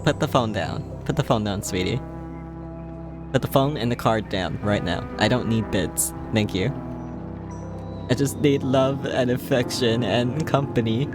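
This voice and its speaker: A man's voice: mid-range voice, fairly even intonation, normal speed. A man hosting a casual game livestream, tired and playful, laughing a lot as he chats with viewers. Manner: playful, giggly, chatting to viewers. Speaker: livestream host. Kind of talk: casual game-stream chat. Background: game music.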